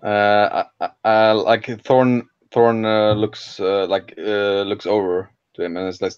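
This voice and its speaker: A man narrating his turn in a tabletop game, halting and full of fillers, on a dull lo-fi recording. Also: fairly low pitch, little pitch movement, clear, resonant tone, no echo. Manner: slow, halting, many fillers. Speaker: player.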